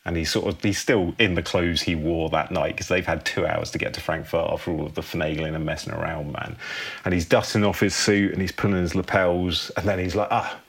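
A man's voice: sits low, flat delivery, brisk, gravelly, slightly rough. A man hosting a podcast, telling a film story in a laid-back, casual way and ending phrases with "man".

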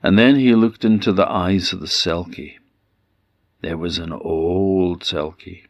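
Orkney storyteller, man, low and slow, measured folk-tale telling. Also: no room sound, lo-fi sound. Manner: measured, repetitive oral telling with dramatic pauses.

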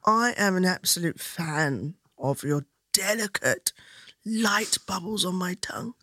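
A woman putting on a posh, gushing lady wine fan in a whispered role-play, slow and mock-seductive. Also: lowish voice, bright, forceful tone, no echo.

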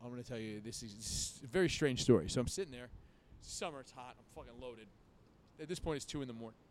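A man's voice: mid-range voice, quick pace, a little hiss or hum. A man in his thirties telling a drunken story in casual chat, swearing freely and acting out both sides of the talk. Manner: profane, animated storyteller acting out his own quotes.

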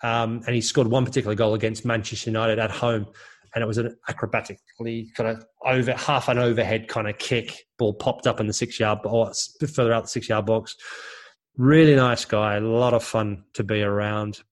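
A man with a fairly low voice tells football stories in a relaxed podcast chat. He rambles and corrects himself mid-sentence as the anecdote unfolds. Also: a little fast. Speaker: former footballer and co-host. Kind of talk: casual storytelling chat.

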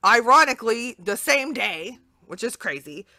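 A woman, a guest in an interview, telling an emotional personal story in an earnest, animated way, repeating phrases for emphasis. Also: fairly high pitch, moderate pace, dry recording.

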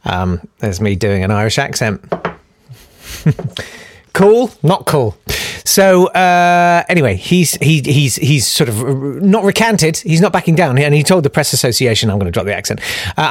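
A man's voice: on the high side, very animated, a little slow, dry recording, studio quality. A man hosting a podcast, delivering a sarcastic, ranting comic monologue to his listeners. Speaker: podcast host.

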